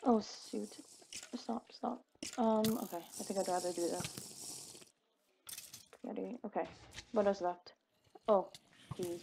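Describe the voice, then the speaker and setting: A woman's voice: mid-range voice, measured pace, creaky, long pauses, dark tone, slight background noise. A young woman chattering to herself while playing a video game, giggling and exclaiming as things happen. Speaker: gaming video creator. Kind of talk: casual gameplay commentary.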